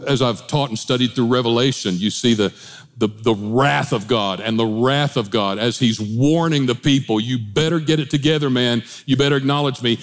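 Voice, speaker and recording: A man preaching as a pastor, animated, with changing pace, asides and humor. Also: medium pitch. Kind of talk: sermon.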